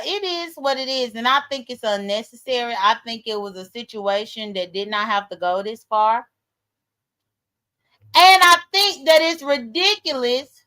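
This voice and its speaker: A woman's voice: high voice, bright, forceful tone. Blunt, profane woman live-streaming. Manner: talks straight to viewers as "y'all". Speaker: livestream host. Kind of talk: casual live-stream commentary.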